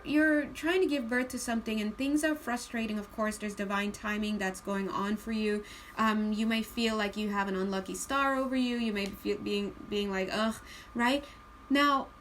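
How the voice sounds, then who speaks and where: A woman giving a casual spiritual card reading, chatty and laughing often, slowing into a calm tone at times. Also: fairly high pitch, slight background noise, rough recording. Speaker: tarot card reader.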